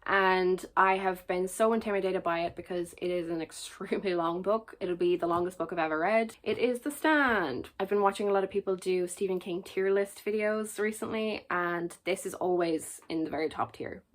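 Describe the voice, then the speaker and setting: A woman with a somewhat low voice chats casually to her camera as a book reviewer. She is jokey and enthusiastic as she talks through her picks. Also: moderate pace, few pauses.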